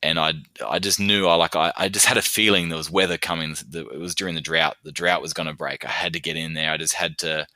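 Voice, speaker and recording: An Australian man, a podcast guest, chatting casually and telling stories, then reciting his own rhymed bush poem in a steady rhythm. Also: rumbling low, fast talker, hardly any pauses, no room sound.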